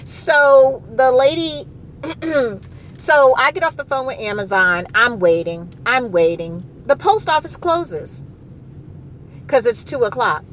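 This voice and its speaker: Middle-aged woman venting abt a bad errand, kinda high voice, lively and fed up, faint car rumble behind. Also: slow pace, rough recording. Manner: animated, exasperated retelling with repeated phrases. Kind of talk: casual storytelling.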